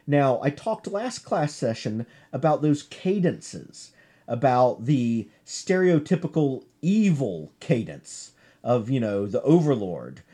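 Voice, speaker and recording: A man's voice: medium pitch, very animated, slow, warm tone, breathy edge. A man giving a chatty class lecture on comics, full of asides and self-corrections.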